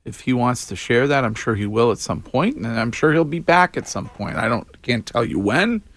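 A man hosting a morning radio show, chatting casually and laughing often with his co-hosts in a radio studio. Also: medium pitch. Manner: laughs often, quick lively back-and-forth.

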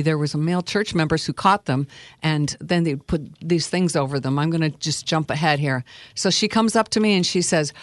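A woman's voice: low-pitched, no room sound. A woman author reading her memoir earnestly and expressively, then chatting as a guest. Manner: earnest and expressive, with filler hesitations.

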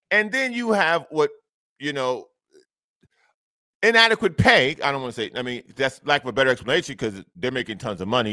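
A male co-host on a sports talk show, with a lively, swooping delivery as he makes his case. The recording is close and dry. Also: mid-range voice, no room sound. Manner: animated, argumentative.

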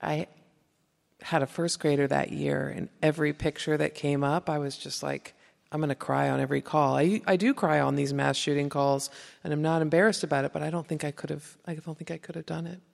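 A woman reporter speaking on a live panel, halting with frequent restarts and fillers. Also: low voice, steady tone, vocal fry, darkish tone. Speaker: investigative reporter. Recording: reverberant hall.

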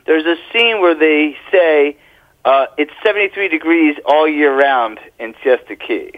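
A man on a casual podcast chat, adding local background and quick asides. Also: a little high, expressive. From Sarasota area, Florida. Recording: tinny phone line.

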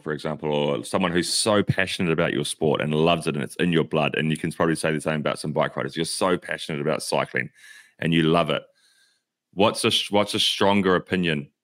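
A man co-hosting a podcast, thinking aloud in halting questions. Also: very deep voice, a bit bright. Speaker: podcast co-host. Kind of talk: casual chat.

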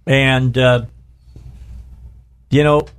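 A man's voice: medium pitch, flat delivery, clean tone. Man, middle-aged, radio talk host, rambling, restarts, casual studio chat. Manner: rambling, restarts mid-sentence, drawn-out emphasis.

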